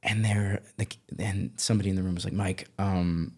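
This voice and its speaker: A man from Colorado hosting a podcast, telling stories in a casual, animated way with lots of restarts. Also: on the low side, fast, vocal fry, husky. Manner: animated, self-interrupting storyteller. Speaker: podcast host, actor. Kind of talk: casual storytelling chat.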